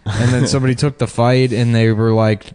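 A man's voice: mid-range voice, flat delivery, fairly quick, a little mellow, clear, resonant tone. A man co-hosting a comedy podcast, trading crude jokes in casual chat and slipping into silly voices. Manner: crude, jokey, slips into silly character voices. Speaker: podcast co-host.

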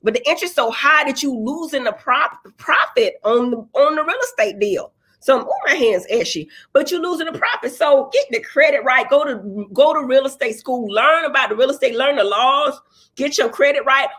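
Brief: high-pitched woman, blunt and profane, livestream host. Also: moderate pace. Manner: blunt, profane, preachy and animated. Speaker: livestream host answering viewer comments. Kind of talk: casual livestream chat.

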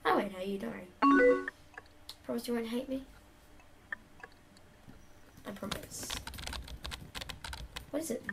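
A woman's voice: fairly high pitch, expressive, a little slow, creaky, pauses often, noisy background. A young woman casually reading typed chat lines aloud and adding chatty asides to the camera. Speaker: YouTuber playing a chat game. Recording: loud background music.

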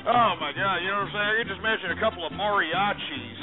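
A man's voice: high voice, quick pace. A man hosting a comedic talk radio show, rowdy and cursing, yelping and out of breath. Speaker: radio host. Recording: tinny phone-like radio audio with faint music.

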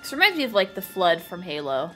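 Over game music and sound effects, a woman gives casual let's-play commentary, excitably exclaiming and poking fun at herself. Her voice is on the low side and fairly quick.

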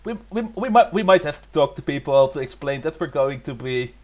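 A man's voice: a little high, animated, fairly quick, a little mellow. A man commentating a game in a giggly, self-mocking way. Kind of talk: casual gaming commentary.

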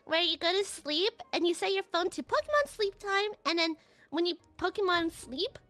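A woman's voice: extremely high pitch, expressive, moderate pace, a bit bright. A woman streaming a social deduction game, chatting casually and animatedly with friends, laughing often and swearing playfully. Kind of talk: casual gaming chat.

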